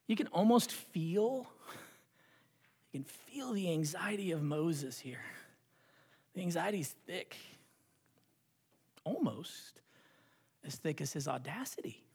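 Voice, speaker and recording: A pastor preaching a sermon in a church, moving between hushed whispers and rising, repeated phrases. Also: mid-range voice, expressive, slow, long pauses, breathy edge. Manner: dramatic, with hushed whispered passages and rising repetitions. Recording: long hall reverb.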